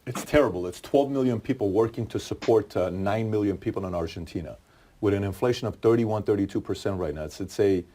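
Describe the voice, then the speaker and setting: A man's voice: fairly low pitch, quick pace, mellow. A man interviewing a guest, breaking in with short, sympathetic remarks.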